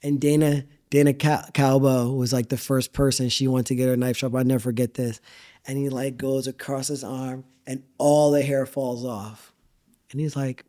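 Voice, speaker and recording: In a casual interview, a middle-aged guest who is a chef and restaurant owner tells animated stories, acting out quotes and using profanity freely. His voice is medium in pitch and his pace moderate.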